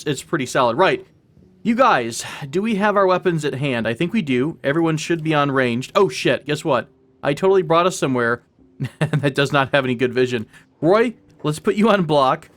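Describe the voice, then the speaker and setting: A man's voice: on the high side, a bit bright. A man hosting a let's play, chatting casually and playfully to viewers while he plays. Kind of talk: casual gameplay commentary.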